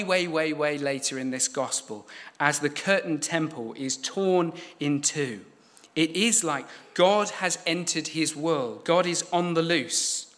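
A man delivers a sermon in a fairly high voice. He preaches in a measured, emphatic way and leans on repeated phrases to drive each point home. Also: a bit bright.

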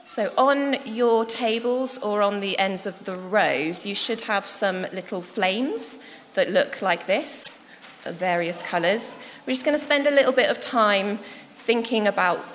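A woman worship leader guiding a congregation in prayer and telling a story, gentle and measured, in a church hall with echo and faint noise. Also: medium pitch. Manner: gentle, measured, with soft fillers. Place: church hall with tables and rows.

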